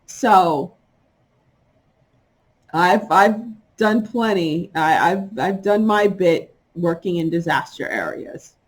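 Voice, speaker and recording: Middle-aged woman, solo vlogger; emphatic, indignant delivery in fast bursts. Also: on the low side. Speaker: spiritual vlogger. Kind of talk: casual monologue to viewers.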